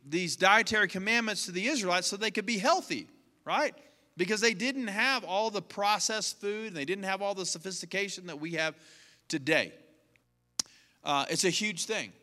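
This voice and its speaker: A man's voice: high voice, sharp tone. A middle-aged man preaching a sermon in a conversational, storytelling way. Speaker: pastor. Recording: hall reverb.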